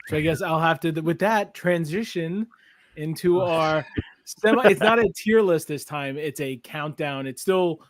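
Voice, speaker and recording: A man's voice: fairly high pitch, measured pace, no room sound. A young man co-hosting a podcast, rambling and swearing as he bantes with friends. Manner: rambling, swearing, laughing often. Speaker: podcast co-host. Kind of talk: casual banter.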